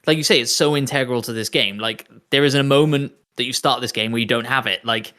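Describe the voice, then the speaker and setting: A man's voice: medium pitch, quick pace, sharp tone. A man co-hosting a casual podcast chat, agreeable and enthusiastic as he builds on his co-host's points. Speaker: podcast co-host.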